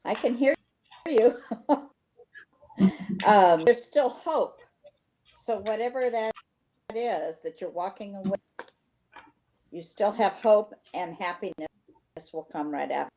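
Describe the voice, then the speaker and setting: A woman gently reads tarot cards for a viewer on a stream. She talks slowly in a warm, dark tone over a muffled, slightly noisy connection. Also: mid-range voice. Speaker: tarot reader. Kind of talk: live-streamed tarot reading. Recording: dull lo-fi line with faint noise.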